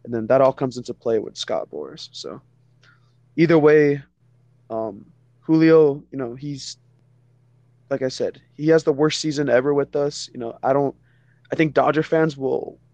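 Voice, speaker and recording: A man's voice: medium pitch, normal speed, gravelly, pauses often, mellow, dry recording, dull audio. A man co-hosting a casual sports podcast, talking loosely with a lot of "you know" fillers. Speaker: podcast co-host.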